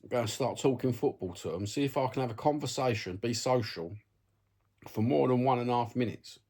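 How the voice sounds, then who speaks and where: Seated at home, a man with a Cockney accent rants bluntly to camera in a casual vlog, swearing heavily and often tossing in "you know what I mean." His mid-range voice is brisk and a little mellow with a breathy edge.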